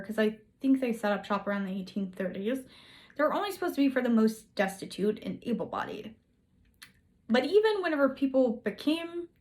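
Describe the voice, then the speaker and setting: A woman telling history in a casual, chatty way, full of sarcastic, playful asides. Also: a little high. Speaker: history video host.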